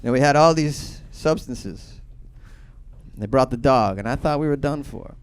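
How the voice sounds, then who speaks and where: A man's voice: unhurried, smooth. Boston man doing edgy stand-up. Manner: swearing, self-mocking storyteller with loud high-pitched punchlines. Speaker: stand-up comedian. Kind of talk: stand-up comedy set.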